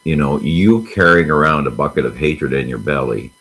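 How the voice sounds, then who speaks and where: A man's voice: extremely low pitch, normal speed, fairly bright tone, slightly rough, low-quality recording. A man speaking as a guest on a talk show, with a plainspoken, folksy manner.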